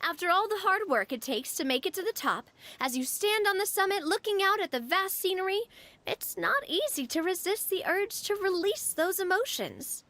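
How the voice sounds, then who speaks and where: A woman voicing a cheerful, outgoing young woman in a game, playful and quick to laugh. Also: very high voice, expressive, bright, forceful tone, no room sound, heavily acted. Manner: bubbly, playful, laughs easily. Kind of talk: game voice acting.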